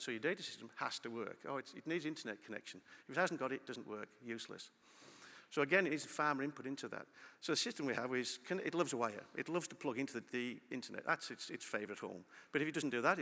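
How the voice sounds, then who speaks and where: A middle-aged man giving a lively conference talk and asking the audience questions. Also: medium pitch. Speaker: conference speaker. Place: large conference hall. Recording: long hall reverb.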